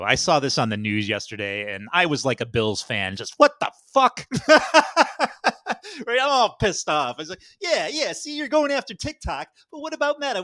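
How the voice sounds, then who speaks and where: A man's voice: mid-range voice, sharp tone, no room sound. A man commenting casually while reading through a web page, rambling, swearing and correcting himself as he goes. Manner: rambling, profane, self-correcting.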